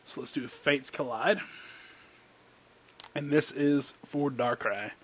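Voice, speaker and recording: A man hosting a casual card-pack opening commentary. He rambles excitedly, squeals with delight and mocks himself in quick asides. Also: mid-range voice, slightly rough. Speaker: channel host. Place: indoor room under an overhead light.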